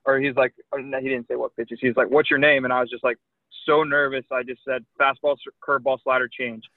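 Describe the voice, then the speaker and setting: A man's voice: medium pitch, quick pace, dry recording. Young man telling a story over a tinny line. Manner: animated anecdote telling with many likes and you knows. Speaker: guest, pro baseball pitcher. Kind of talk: casual storytelling.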